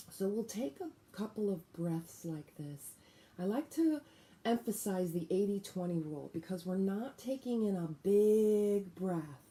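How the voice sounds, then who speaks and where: A woman teaching a guided breathing lesson, giving calm, deliberate instructions. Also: medium pitch, a little hiss or hum.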